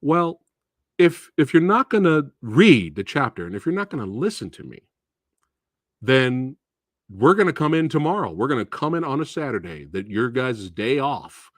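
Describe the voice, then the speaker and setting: A man's voice: mid-range voice, sing-song, moderate pace, no room sound, studio quality. A man voicing an exasperated schoolteacher lecturing his class. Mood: stern. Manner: stern, lecturing. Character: exasperated male schoolteacher, stern.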